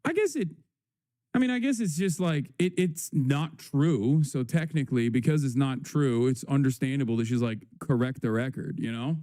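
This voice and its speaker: Sarcastic male streamer, warm and dry. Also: mid-range voice, expressive, no room sound. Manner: rambling, sarcastic, crude, quick asides. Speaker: livestream host. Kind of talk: casual news commentary.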